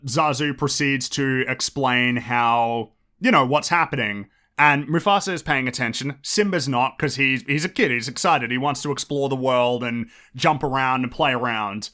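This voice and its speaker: A man's voice: mid-range voice, bright, forceful tone. A man hosting his own show, talking through a casual commentary monologue with lots of restarts and offhand swearing. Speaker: podcast host.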